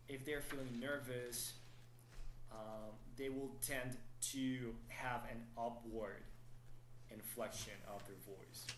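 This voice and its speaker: A man's voice: medium pitch, fairly bright tone, roomy sound, a little hiss or hum, poor audio. A man who works as a dating coach, explaining his methods steadily in a podcast interview and often checking in with "right?".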